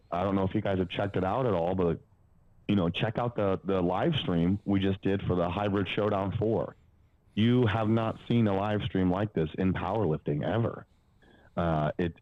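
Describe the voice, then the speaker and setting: A man's voice: low-pitched, dry recording, narrow, tinny audio. A man in his twenties, a powerlifting coach guesting on a podcast, telling stories casually in a rambling way with lots of fillers and the odd swear. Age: 20s. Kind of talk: casual storytelling.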